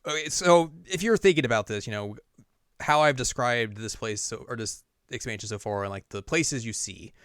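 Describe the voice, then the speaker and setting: A man's voice: mid-range voice, normal speed, fairly bright tone, clear, resonant tone, no room sound, studio quality. A man co-hosting a podcast, casually recapping a game story in a rambling way with lots of "like" and laughs. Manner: rambling, full of "like" and laughs, acts out characters. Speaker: podcast co-host.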